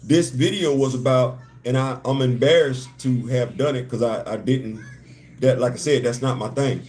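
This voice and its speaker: Speaking at normal speed with a medium pitch and darkish tone, a livestream host in his fifties keeps things casual. Frequent laughter, restarted sentences and heartfelt turns mark his delivery.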